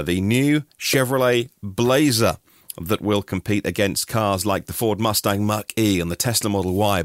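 Guy doing his daily news podcast, lowish voice, dry close sound, chats between stories. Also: dry recording. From Norfolk, England. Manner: chatty, personal asides between news items. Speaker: podcast host.

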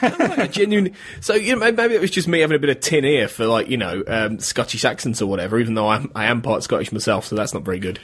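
Husky man in casual podcast chat. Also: lowish voice, animated, fast, few pauses, fairly bright tone. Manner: chatty, stumbling restarts. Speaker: podcast co-host. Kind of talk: casual discussion.

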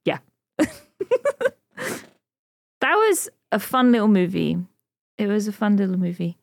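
A woman co-hosts a podcast in relaxed, rambling chat. She giggles often and leans on fillers as she talks. Her voice sits mid-height, and the sound is dry and close. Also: mid-range voice, unhurried, vocal fry, no echo. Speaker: podcast co-host. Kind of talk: casual chat.

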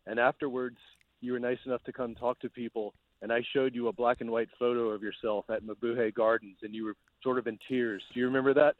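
Fan calling in, talks fast, tinny phone line, real eager. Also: male voice, mid-range voice, flat delivery, dry recording. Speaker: caller. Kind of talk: call-in question.

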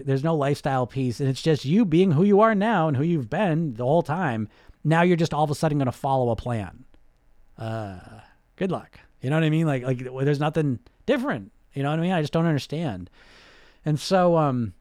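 A man coaching weight loss in a casual talk straight to his viewers, quick and animated, full of fillers and restarts. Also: on the high side, no room sound, clean studio sound. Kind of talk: casual direct-to-camera talk.

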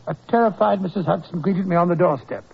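A kindly doctor narrating in a vintage radio play. He speaks in a high, slightly husky voice, brisk and reassuring. The sound is dull and lo-fi, like an old broadcast. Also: full character voice. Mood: telling. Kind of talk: 1940s radio drama acting.

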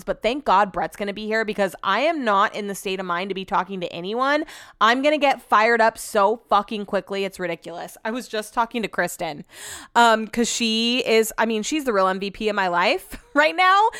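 A woman's voice: fairly high pitch, animated, a little fast, fairly bright tone, smooth, no room sound, clean studio sound. A woman hosting a podcast in casual chat, rambling and venting with lots of "like" and the odd swear word. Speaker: podcast host.

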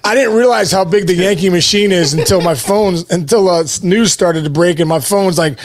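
An excited man in his forties speaks in a casual interview with a slightly raised pitch. His talk rambles with restarts and fillers, but his enthusiasm carries it. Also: normal speed, few pauses. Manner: rambling, many restarts and "you know" fillers; enthusiastic, emotional. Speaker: interview guest, baseball hitting coach.

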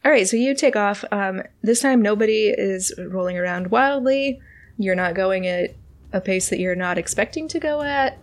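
A woman narrating a tabletop game as game master, relaxed and hesitant with many ums. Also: mid-range voice, normal speed.

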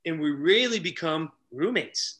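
A middle-aged man telling stories loudly on a podcast, acting out each character's lines as a relationship coach. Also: on the high side, a little slow. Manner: animated, loud, acts out dialogue. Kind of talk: energetic storytelling in casual chat.

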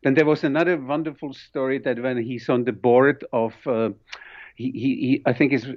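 An accented man recounting stories as an author, animated and full of restarts and fillers. His voice has a mid-range pitch. The recording is dull and lo-fi. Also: normal speed. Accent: foreign accent. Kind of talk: conversational interview.

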